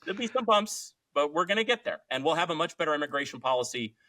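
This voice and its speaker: A man's voice: a little high, lively intonation, quick pace, bright, forceful tone. A man in his thirties, a guest on a podcast, talking earnestly and thoughtfully in casual chat, often restarting his sentences. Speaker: podcast guest, legal commentator.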